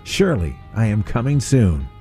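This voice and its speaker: A man's voice: fairly low pitch, sing-song, moderate pace, mellow, faint music behind. A man reading a scripted outro announcement for a radio program.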